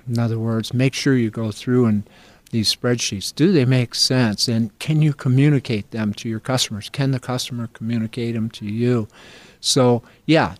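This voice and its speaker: A man's voice: medium pitch, dry recording. Earnest older man, folksy storyteller. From upstate New York. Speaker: agricultural finance professor. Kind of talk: interview answers.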